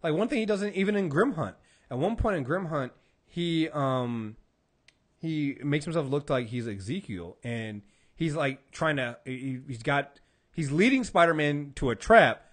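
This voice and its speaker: A man co-hosting a casual podcast about comic books, retelling stories in an animated way with lots of fillers. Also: fairly high pitch, measured pace. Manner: animated storyteller, acts out quotes, many fillers. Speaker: podcast co-host. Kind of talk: casual comic book chat.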